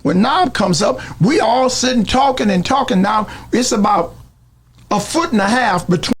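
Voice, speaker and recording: A man's voice: sits high, lively intonation, moderate pace, breathy edge. A man being interviewed, telling a story blow by blow in a street manner. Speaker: interview guest.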